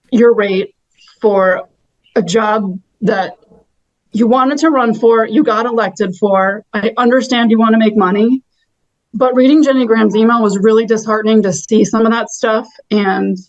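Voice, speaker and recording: Mom on a zoom call at a council meeting, bit high, dry muffled audio, frustrated and halting. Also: female voice, no echo. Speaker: parent giving public comment. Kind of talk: public comment by video call. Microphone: video call.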